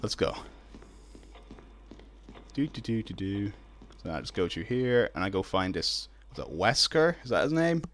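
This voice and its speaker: A young Irish man streaming a video game live, chatting casually, reading out viewer messages and reacting loudly when startled. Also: lowish voice, expressive, moderate pace, long pauses. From Ireland. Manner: casual, reads chat aloud, yelps when startled. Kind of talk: live gameplay stream chat.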